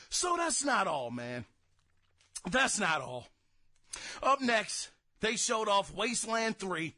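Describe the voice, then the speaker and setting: A young man hosting a gaming podcast, giving casual commentary in exasperated, theatrical rants that break into shouted outbursts. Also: high-pitched, wildly swooping pitch, slow. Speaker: podcast host.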